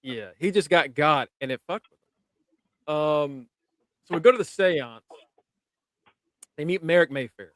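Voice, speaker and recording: A man casually recapping a TV episode, animated, swearing and laughing as he retells scenes. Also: on the high side, a little slow, pauses often, no room sound. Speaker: podcast co-host. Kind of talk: casual review chat.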